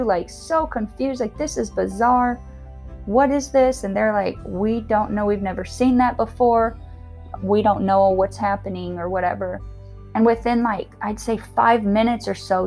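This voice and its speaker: A woman telling a personal story about losing a friend, in a halting, emotional way with many fillers. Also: medium pitch, creaky, a little mellow. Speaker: storyteller sharing a personal loss. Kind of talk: casual spoken recollection.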